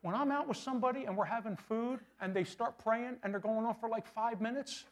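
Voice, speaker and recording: A middle-aged male pastor preaching a sermon in a church, animated and conversational, with humorous asides. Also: very high voice, fairly quick, few pauses, a little hiss or hum.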